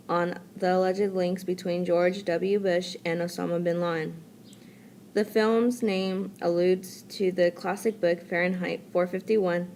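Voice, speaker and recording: A woman narrating a documentary from a script, with a steady, read-aloud delivery. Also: fairly low pitch, slight background noise.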